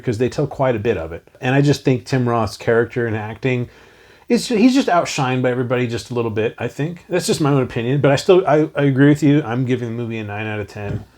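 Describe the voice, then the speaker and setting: A man in his forties co-hosting a casual movie review show, talking enthusiastically and quoting lines he loves. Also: medium pitch. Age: 40s. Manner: enthusiastic, animated, quotes lines from the film. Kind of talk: casual film review chat.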